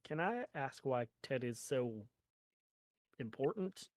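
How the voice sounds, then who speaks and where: A man's voice: mid-range voice, big pitch swings, slow pace. A man playing a tabletop game, speaking politely and a bit apologetically. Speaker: player. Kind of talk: casual tabletop play.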